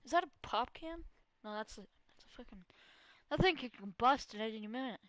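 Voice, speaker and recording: A woman streaming a video game live, talking back to the characters loudly and cursing freely. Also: fairly high pitch, lively intonation, fairly quick, no echo. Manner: loud, profane, talks back to the game. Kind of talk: live gaming commentary.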